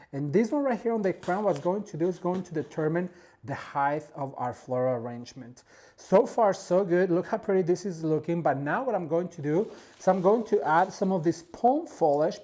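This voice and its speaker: A man walks viewers through arranging flowers in a relaxed, chatty tutorial. His voice is mellow and soft-edged, and he sounds openly delighted with his work as he talks to "you guys" at home. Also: fairly high pitch. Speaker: floral design instructor. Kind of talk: casual step-by-step tutorial.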